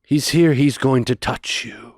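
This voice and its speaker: A man doing a hushed, intoning faith healer. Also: medium pitch, unhurried, dry recording, studio quality, lightly acted. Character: male faith-healing preacher, hushed and dramatic.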